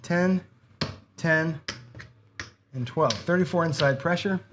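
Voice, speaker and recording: Slow and fairly high-voiced, this craps stream host talks over a noisy background. He chats with his live viewers, growing frustrated and cursing as he loses.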